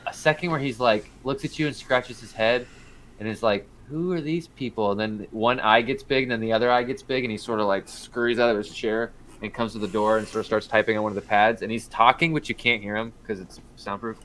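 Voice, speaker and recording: A man's voice: lowish voice, fairly even intonation, brisk, fairly bright tone, low-quality recording. A man narrating as game master in a tabletop game, loose and rambling, with many fillers.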